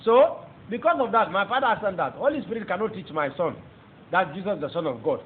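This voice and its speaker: Nigerian man, preaching testimony, high voice, rapid delivery, tinny phone-like sound, faint hiss. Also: animated. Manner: emphatic, repeats phrases, addresses listeners as brothers and sisters. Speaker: testifying convert. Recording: tinny phone-like audio with faint background noise.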